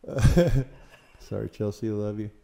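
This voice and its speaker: A man's voice: fairly low pitch, measured pace, gravelly, dark tone. A man who looks after a haunted building, telling a ghost story in an interview with lots of fillers and laughs at himself. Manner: rambling, hesitant with many fillers, laughs at himself.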